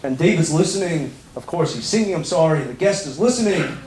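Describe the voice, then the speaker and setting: A rabbi tells a sermon story with animated delivery and breaks into bits of melody. His voice sits high. It echoes around a room with a faint ambient hum behind it. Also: brisk. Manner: animated, sings snatches of melody.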